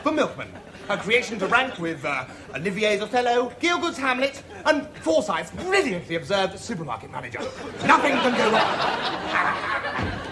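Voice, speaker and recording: An actor with a British accent playing a vain, pompous out-of-work actor in a studio sitcom, talking in a theatrical, self-dramatizing way, with audience laughter. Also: male voice, high-pitched, big pitch swings, normal speed, a crowd in the background. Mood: grandiose. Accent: British English.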